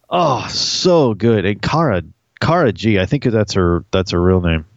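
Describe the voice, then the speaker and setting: A man co-hosting a casual TV recap podcast, talking in an animated, crude, joking way. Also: lowish voice, measured pace, few pauses, no room sound, muffled recording. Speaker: podcast co-host.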